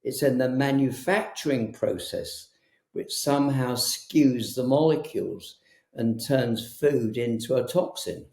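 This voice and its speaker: A man talking as a guest in a conversational interview, hesitant and full of pauses and restarts. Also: medium pitch, a little mellow. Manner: hesitant, frequent ums and restarts. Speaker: herbalist guest. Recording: roomy echo.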